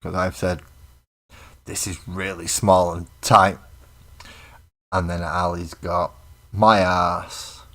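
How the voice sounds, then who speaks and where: A deep-voiced man talks slowly and easily at home while reading his live chat aloud. His delivery is chatty and self-mocking, with jokes and quick asides. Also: little pitch movement, bright, forceful tone. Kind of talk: casual live-stream chat while painting.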